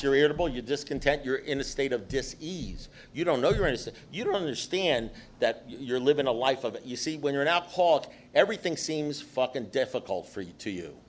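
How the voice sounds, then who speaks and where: An older man giving a recovery talk to a group, blunt and profane, with rapid-fire repetition and conversational asides. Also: mid-range voice. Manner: punchy repetition with mimicked voices. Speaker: speaker at a recovery meeting.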